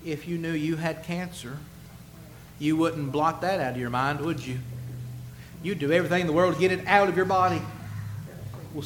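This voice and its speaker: A man preaching with a voice pitched a little above most men's. He drives his points hard, rising and swelling on key words, then drops to a quiet aside. A faint hiss sits under the recording. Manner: emphatic, rhetorical questions, swings between loud and hushed. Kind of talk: sermon.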